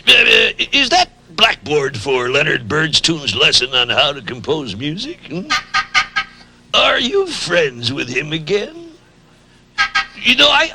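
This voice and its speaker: A gravelly, scheming old grouch. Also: male voice, high voice, bright, forceful tone, full character voice. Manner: blustery, scheming, sputtering. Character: scheming grumpy old man, sly and blustery. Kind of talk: children's TV comedy.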